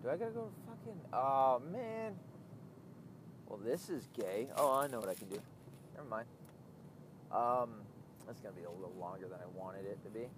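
A man's voice: medium pitch, moderate pace, pauses often. A man talking casually while driving, swearing a lot and rambling as he loses his train of thought. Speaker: vlogger. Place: inside a car on the road. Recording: steady car road noise.

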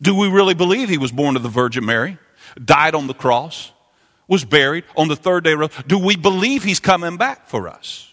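A man preaching a sermon, impassioned and repetitive, climbing into sung, chanting peaks before dropping low. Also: expressive, moderate pace, a bit bright. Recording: long hall reverb.

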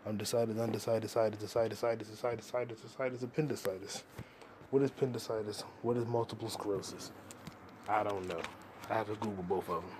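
Recorded with a bit of background noise, this young adult podcast host talks alone in a voice on the low side, steady, brisk and a little mellow. His casual monologue is a crude, swearing, jokey stream of consciousness.

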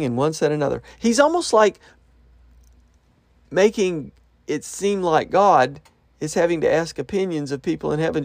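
A man reading Bible verses aloud and explaining them in a relaxed, conversational way, with frequent fillers. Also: fairly high pitch, gravelly, no room sound, clean studio sound. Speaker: Bible teacher. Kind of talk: reading scripture with commentary.

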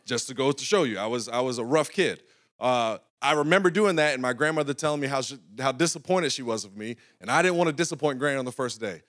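A man's voice: mid-range voice, fast talker, a bit bright. A young adult man, a pastor, preaching in a conversational storytelling style and often checking in with the congregation. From North Carolina. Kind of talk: sermon storytelling.

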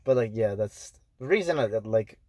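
A man's voice: fairly low pitch, animated, moderate pace, darkish tone, no echo. A young man hosting a podcast, telling stories in casual chat with heavy swearing and lots of fillers. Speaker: podcast host.

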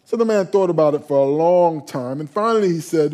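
A man's voice: a little high, expressive, a little fast, hardly any pauses, dark tone. A male pastor preaching a sermon, calling for responses from the congregation and often restarting his phrases. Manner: call-and-response, stumbling restarts.

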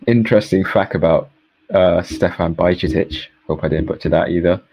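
A man co-hosting a casual podcast, sharing facts in a relaxed way with fillers. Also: low voice, moderate pace, vocal fry, breathy edge, no echo. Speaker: podcast co-host. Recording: dull dry lo-fi sound.

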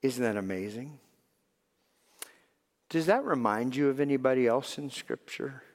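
A male pastor preaching a sermon, swinging between loud emphatic lines and soft hushed ones. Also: mid-range voice, a little slow. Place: church sanctuary. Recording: long reverb of a large hall.

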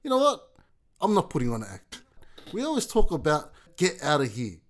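A man's voice: on the high side, fairly quick. A man co-hosting a podcast in casual chat, telling jokey stories and laughing often. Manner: animated, joking storyteller who laughs often. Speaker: podcast co-host.

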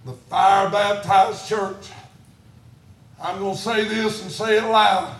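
A man preaching a fiery sermon in church, shouting and chanting his lines, out of breath at times. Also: high voice, steady tone, slow, echoey room. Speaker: pastor.

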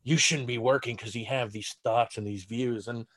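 A man's voice: mid-range voice, steady tone, moderate pace, fairly bright tone. A man with a Southern accent, a stand-up comedian in casual podcast chat who laughs often and talks loosely with lots of fillers and swearing. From Texas.

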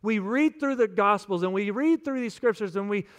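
A man's voice: high voice, moderate pace. A male pastor preaching a sermon in an earnest, conversational way.

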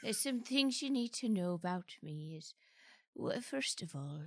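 A woman's voice: lowish voice, expressive, measured pace, dry recording, clean studio sound. A woman voicing a rambling, mournful old male cockroach farmer with a put-on London accent.

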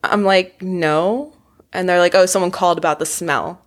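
A young woman in her twenties tells a story on a podcast in a somewhat low voice. She laughs a lot as she talks and acts out what other people said. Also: normal speed. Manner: animated, laughs often, acts out quotes. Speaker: podcast guest. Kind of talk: casual storytelling chat.

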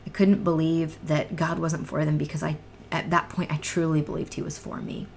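A woman telling her own story as a guest in an emotional, earnest way, sometimes sinking into soft near-whispers. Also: sits low, flat delivery, moderate pace, gravelly, slight background noise. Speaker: guest sharing her testimony. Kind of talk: emotional personal testimony in a podcast chat.

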